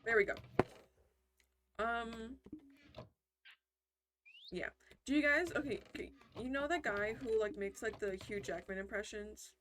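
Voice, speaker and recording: A woman's voice: a little high, steady tone, a little slow, pauses often, fairly bright tone, a little hiss or hum. A woman giving casual, rambling commentary while she plays a video game, often breaking off mid-sentence. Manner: rambling, self-interrupting, chatty. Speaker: gaming commentator.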